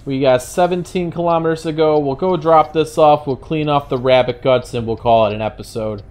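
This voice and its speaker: A man's voice: on the high side, fairly quick, a little mellow. Wry New York man narrating gameplay. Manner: wry, chatty, mock-indignant rants. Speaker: gaming channel host. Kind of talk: casual gameplay commentary.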